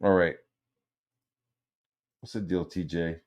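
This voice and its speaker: Brief: male stream host, low voice, rambling and profane. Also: fairly even intonation, slow, highs cut off. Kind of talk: profane ranting livestream.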